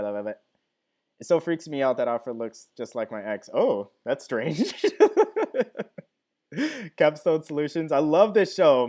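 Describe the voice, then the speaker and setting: Chatty young man answering live comments. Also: mid-range voice. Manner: chatty, enthusiastic, reads and answers comments aloud. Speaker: live-stream host reacting to a TV finale. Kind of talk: casual live-stream chat reading viewer comments.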